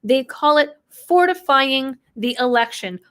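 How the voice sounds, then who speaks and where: A woman's voice: high voice, lively intonation, a little slow, a bit bright. A young woman reading out a news article and picking it apart with sarcastic, skeptical commentary. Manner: sarcastic, quotes text then mocks it. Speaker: political commentator.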